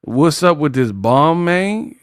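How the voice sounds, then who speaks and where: A man's voice: on the high side, animated, slow pace, clean tone, dry recording, studio quality. A man doing a drawling laid-back guy impression.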